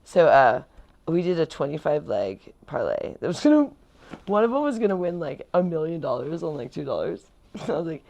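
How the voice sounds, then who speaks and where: A woman's voice: low-pitched, sing-song, fairly quick, gravelly, warm tone, muffled recording. A woman vlogger in casual chat, rambling and chatty with lots of fillers.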